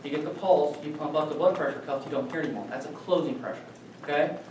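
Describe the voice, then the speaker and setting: A man's voice: fairly high pitch, fast. A man teaching a class, conversational and checking in with "okay" often. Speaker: lecturer. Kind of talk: classroom lecture. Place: lecture classroom. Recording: echoey room from far off, faint noise.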